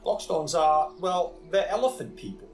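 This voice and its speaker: A man, a player on a tabletop game podcast, talking casually in a halting way with many fillers. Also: on the high side, expressive, music in the background. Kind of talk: casual chat. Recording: echoey room.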